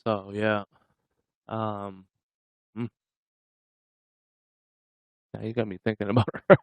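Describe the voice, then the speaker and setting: A man's voice: fairly low pitch, flat delivery, takes it slowly, no room sound. A man hosting a livestream, chatting casually with viewers in a rambling way and chuckling often. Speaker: livestream host.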